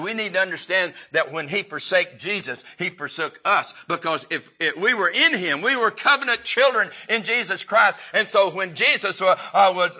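Male preacher, sermon delivery, halting and repetitive, with a piercing bright tone. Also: high voice, husky. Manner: halting, repeats and restarts, rising for emphasis.

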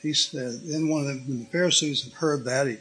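A man's voice: medium pitch, a little fast, bright, forceful tone, poor audio. A man giving a folksy, conversational Bible teaching, reading scripture aloud. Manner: folksy, reads scripture aloud in King James wording.

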